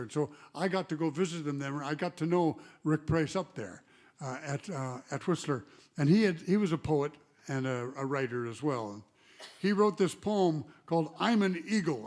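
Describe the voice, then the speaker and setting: A singer-songwriter chatting and rambling between songs at a live concert, telling stories with trailing asides. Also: male voice, on the high side, darkish tone. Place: live arts venue stage. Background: guitar.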